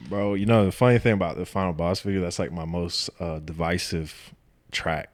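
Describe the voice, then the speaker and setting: This young Atlanta, Georgia rapper and producer chats easily in an interview, leaning on "like" and "you know" and laughing a lot. His male voice is low, with fairly level intonation and a moderate pace.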